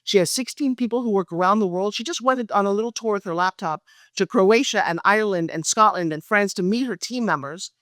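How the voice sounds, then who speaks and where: Brief: middle-aged woman guest, lively storyteller, mid pitch, dry close sound. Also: fairly quick, no echo. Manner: acts out quoted dialogue with lively pitch jumps. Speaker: guest, pitch expert and speaker. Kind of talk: animated storytelling interview.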